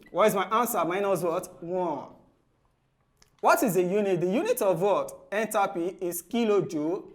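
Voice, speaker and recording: This man tutors chemistry for students preparing for exams. Nearly each phrase closes with a "what?" that he answers on his own, speaking low and softly.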